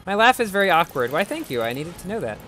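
A man's voice: high-pitched, sing-song, fast, pushed and bright, slight background noise. An American man giving chatty, giggly commentary while streaming a racing game and answering his chat. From United States. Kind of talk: live gaming commentary.

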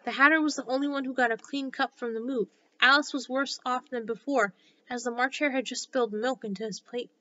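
Brief: woman storyteller, bright, slightly high, steady narration, lo-fi audio. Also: a little fast. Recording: slightly dull lo-fi recording.

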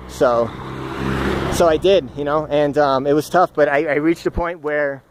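A man recording a personal reflection vlog outdoors, speaking in an earnest, halting, searching way and often restarting his phrases. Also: fairly high pitch, steady tone. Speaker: vlogger. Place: outdoors, walking in the countryside.

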